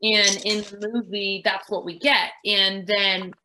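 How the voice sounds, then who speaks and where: A woman's voice: mid-range voice, little pitch movement, takes it slowly, heavy background noise. A woman, an actress, answering interview questions in a casual, rambling way, full of fillers as she thinks aloud. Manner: rambling, filler-heavy, reflective.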